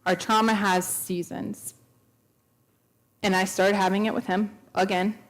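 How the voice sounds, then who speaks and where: A woman's voice: mid-range voice, flat delivery, measured pace. A woman in her thirties telling a personal testimony at a church, earnest and storytelling, acting out the dialogue she quotes. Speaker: speaker at a church. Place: church sanctuary.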